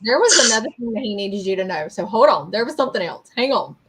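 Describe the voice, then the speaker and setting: A woman's voice: medium pitch, sing-song, fast, a bit bright, breathy edge, poor audio. A woman hosting a live-streamed psychic reading, rambling and hesitant with many fillers. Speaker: psychic medium host. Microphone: streaming mic.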